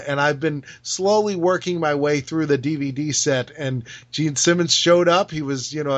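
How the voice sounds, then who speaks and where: A man with a fairly high voice, chatting casually as a podcast co-host. He tells stories with energy, slips into remembered dialogue and laughs as he goes. The audio sounds a little muffled. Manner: animated storyteller, acts out remembered dialogue, laughs often. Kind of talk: casual chat about pro wrestling history.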